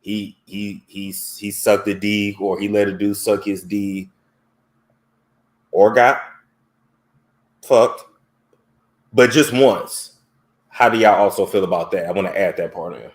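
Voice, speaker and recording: A man hosting a casual call-in chat, talking in a blunt, frank and animated way. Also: fairly low pitch, takes it slowly, long pauses, roomy sound. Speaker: host.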